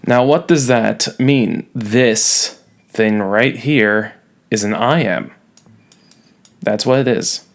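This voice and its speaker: A man's voice: medium pitch, very slow, long pauses. A man teaching a recorded lesson, playful and jokey, leaning hard on key words. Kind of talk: recorded classroom lecture.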